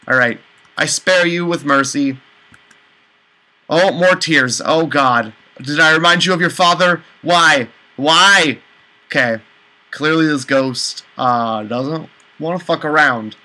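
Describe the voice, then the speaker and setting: A man commentating a let's play, exasperated, with high panicked outbursts and swearing. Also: bright, forceful tone, low-quality recording. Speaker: gaming channel host.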